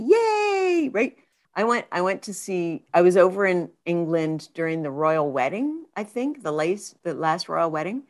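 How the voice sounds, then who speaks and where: Woman therapist chatting on a podcast, lowish voice that swings all over, acts out her own thoughts. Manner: expressive storyteller who acts out her own inner voice. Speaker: guest, therapist and author. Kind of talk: casual podcast interview.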